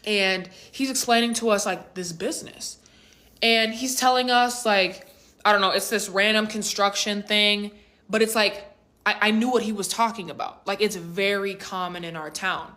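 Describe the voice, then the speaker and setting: A woman's voice: mid-range voice, bright, forceful tone. A woman in her twenties telling a dramatic personal story in a chatty, slangy vlog style. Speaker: vlogger.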